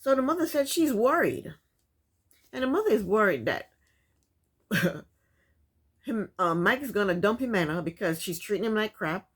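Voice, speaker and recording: A woman's voice: medium pitch, big pitch swings, moderate pace, pauses often, a bit bright, slightly rough. A woman casually recapping a reality show, chatty and sassy, often breaking into laughs.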